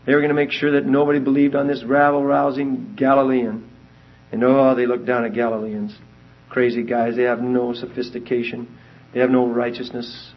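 A man giving a verse-by-verse Bible teaching, emphatic and animated as he reads scripture aloud and explains it. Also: mid-range voice, normal speed. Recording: dull lo-fi recording.

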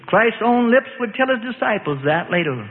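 A man's voice: high-pitched, very animated, normal speed, slight background noise. A man narrating a Bible story in a dramatic preaching cadence, with emphatic lists, on a tinny, echoing recording. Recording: tinny phone-like line with long reverb.

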